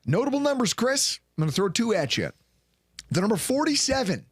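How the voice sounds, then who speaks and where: A man in his late twenties or thirties co-hosting a sports recap show, telling game stories with lively acted-out quotes. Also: very high voice, fairly quick, slightly rough, no room sound, studio quality. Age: late 20s or 30s. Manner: animated storyteller, acts out quotes loudly. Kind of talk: casual sports talk.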